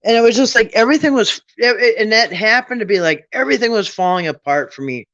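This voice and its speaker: A man's voice: high voice, animated, fast talker, fairly bright tone, no room sound. Rambling middle-aged man telling a story. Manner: rambling, restarts often, quotes his own thoughts. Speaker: storyteller on a late-night chat. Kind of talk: casual storytelling. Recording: dull, dry lo-fi sound.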